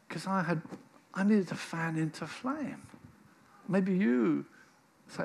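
A man preaching a sermon, telling stories and acting out the people in them, then closing in a soft, earnest prayer. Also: fairly high pitch, lively intonation, normal speed, vocal fry, a little hiss or hum. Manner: storytelling, acts out quoted people, drops to soft prayer.

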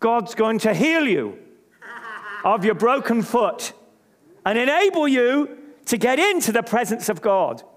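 A man's voice: very high-pitched, very animated, unhurried, pauses often. A male pastor preaching an emphatic sermon to a congregation, leading them in call-and-response. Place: church service before a congregation. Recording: long reverb of a large hall.

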